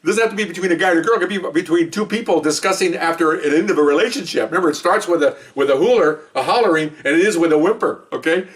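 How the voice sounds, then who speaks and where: Animated, fast-talking man telling stories. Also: fairly high pitch, recorded from a distance. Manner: animated, acts out both sides of phone calls, laughs often. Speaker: podcast co-host, retired cop. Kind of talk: casual storytelling.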